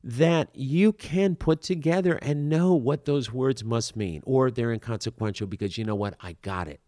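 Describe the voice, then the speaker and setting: A man's voice: medium pitch, normal speed, mellow, dry recording, studio quality. A man talking through acting technique in an earnest, rambling way, full of fillers and restarts. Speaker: acting coach. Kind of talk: conversational teaching talk.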